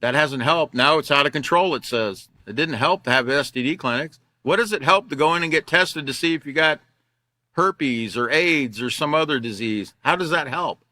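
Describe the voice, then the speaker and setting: A man's voice: a little high, normal speed, sharp tone, no room sound, studio quality. An older man teaching a class, reading news articles aloud and mocking them with sarcasm, repeating himself as he goes.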